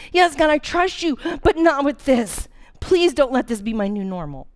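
A woman's voice: sits high, animated, unhurried. A woman in her forties preaching a sermon, earnest and candid, telling a personal story with dramatic emphasis. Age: 40s.

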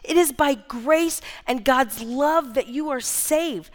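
A woman in her thirties delivers an earnest sermon in a high voice, leaning hard on repeated phrases. She speaks at an unhurried pace, and her words ring with the long reverb of a large church hall. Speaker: speaker preaching.

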